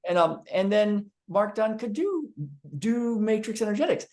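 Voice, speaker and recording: Male therapist telling a personal story on camera, lively and rambling. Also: sits high, normal speed. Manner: animated storyteller, acting out quotes; frequent ums and restarts. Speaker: physical therapist. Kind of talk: storytelling monologue to viewers.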